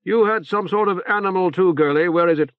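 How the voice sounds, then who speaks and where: A man's voice: sits high, clean tone, dry recording, pitched above the performer's own voice, lightly acted. A man voicing a brusque, severe woman general. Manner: brisk, commanding. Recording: tinny phone-like band.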